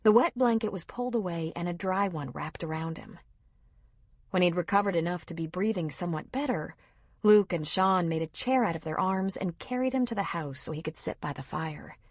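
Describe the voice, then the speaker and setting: A woman reading a novel aloud in steady, measured scripted narration. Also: fairly low pitch, no echo, clean studio sound. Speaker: audiobook narrator.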